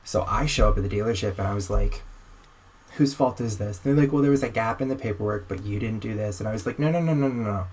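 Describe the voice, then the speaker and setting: A man's voice: fairly low pitch, fast, few pauses, breathy edge. A young man, a podcast guest, telling a long story casually and acting out the other people in it. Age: young adult. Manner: animated, acts out dialogue in quotes.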